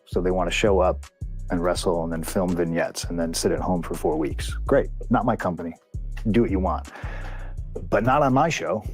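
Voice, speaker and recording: Male interview guest, lower register, candid and cussing, narrates a dispute with quoted back-and-forth. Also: normal speed, faint music behind. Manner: profane, heated retelling with lots of quoted dialogue. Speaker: interview guest, pro wrestler. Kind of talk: candid storytelling in a long-form interview.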